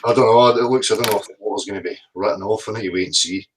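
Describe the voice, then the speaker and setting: A man's voice: fairly low pitch, fairly even intonation, a little hiss or hum. A Scottish man hosting a casual livestream chat, greeting viewers by name over a video call. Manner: chatty, reads out viewer names quickly. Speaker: livestream host.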